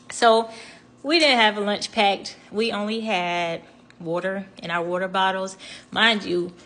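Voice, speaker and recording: Young woman, casual storyteller, chatty with frequent ums and laughs, mid-pitched voice. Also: a bit bright. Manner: chatty, laughing, many fillers and restarts.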